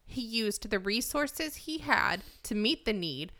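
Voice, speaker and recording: A woman co-hosting a Bible discussion, explaining scripture in a measured, explanatory way. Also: a little high, very animated, pushed and bright. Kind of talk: conversational Bible teaching.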